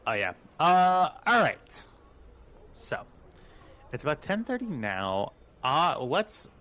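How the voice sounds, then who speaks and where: A man chatting casually and then narrating as game master, rambling and animated with many fillers. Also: medium pitch, a little hiss or hum.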